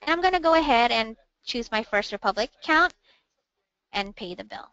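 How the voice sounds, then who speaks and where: Woman giving a patient software demo. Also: fairly high pitch, lively intonation, normal speed, dry recording. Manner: patient, instructive, narrates each click. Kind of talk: step-by-step webinar software walkthrough. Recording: dull, dry, lo-fi webinar audio.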